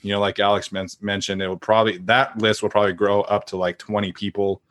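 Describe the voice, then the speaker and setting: A man's voice: fairly low pitch, flat delivery, fast, a bit bright. A man hosting a casual sports podcast, talking in a chatty way and laughing between points.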